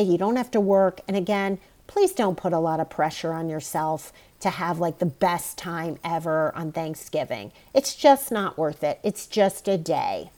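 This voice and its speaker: A woman hosting an advice podcast, talking straight to the listener in a warm, reassuring way. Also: on the low side. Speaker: podcast host.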